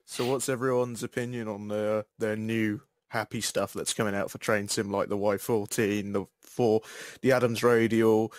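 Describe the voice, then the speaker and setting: A man's voice: lowish voice, little pitch movement, normal speed, no echo. Enthusiastic, chatty man, mid voice, dry close sound. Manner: chatty, enthusiastic about topics. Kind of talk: casual chat over voice call.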